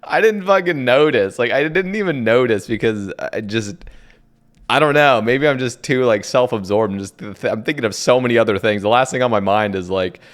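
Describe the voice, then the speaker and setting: A man's voice: mid-range voice, moderate pace. A young man from Oregon hosting a podcast, chatting casually, swearing and laughing easily. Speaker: podcast host. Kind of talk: casual chat.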